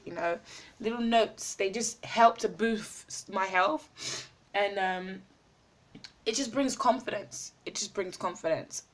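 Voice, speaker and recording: A woman talking effusively in a casual video diary, full of fillers and repeated words, at times chewing as she speaks. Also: mid-range voice. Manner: talks while eating. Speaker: vlogger.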